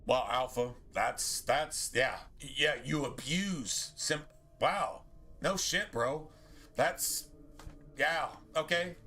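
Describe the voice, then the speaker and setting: A man's voice: on the high side, extremely slow, bright, forceful tone. A man streaming a game, ranting profanely to his chat in a loose, rambling way. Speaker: gaming streamer. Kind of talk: casual rant to stream chat.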